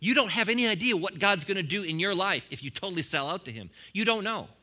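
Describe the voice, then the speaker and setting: Bright-voiced preaching man. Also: sits high, expressive, fast. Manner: preaching with rising bursts and chuckles. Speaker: pastor. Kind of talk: sermon.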